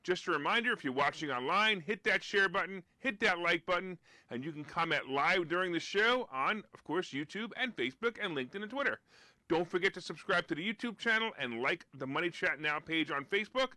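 Man hosting a live finance stream, high voice, bright and forceful, sarcastic, emphatic. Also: lively intonation, a little fast, no echo. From United States. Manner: emphatic and sarcastic, rising loud on punchlines. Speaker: host of a live-streamed finance talk show. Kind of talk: opinionated live-stream commentary.

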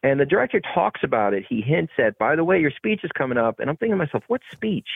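Male actor guest, gravelly and husky, animated storyteller who acts out other voices, dry phone-like audio. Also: fairly high pitch, fast, no room sound. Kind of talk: casual storytelling interview. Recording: tinny phone-like podcast audio.

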